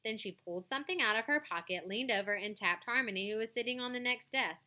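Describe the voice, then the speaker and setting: Bright-voiced woman reading kids' chapter book, plain and gentle. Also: on the high side, fast talker. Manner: plain, gentle storybook reading with casual asides. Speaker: storyteller reading aloud.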